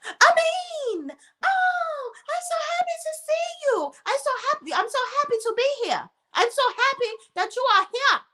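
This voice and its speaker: A woman's voice: very high-pitched, animated, normal speed, bright, forceful tone, voice pushed up, heavily acted. A woman mimicking an overexcited, fake-sweet woman who gushes in a squealing, over-the-top way. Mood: gushing.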